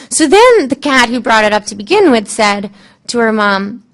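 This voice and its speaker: A woman on a panel telling stories from her work as an animal communicator, acting out what the animals and people said. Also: fairly high pitch. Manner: lively, quotes animals and people in changing tones; halting, frequent fillers and restarts. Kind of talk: storytelling on a panel.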